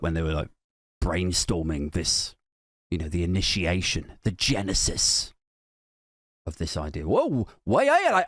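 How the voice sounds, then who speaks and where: A man hosting a comedic political rant, sardonic and sweary, with a mocking edge to every line. His pitch swings a lot as he talks, and the sound is dry and close to the mic. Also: a bit bright, no echo. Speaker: comedian host.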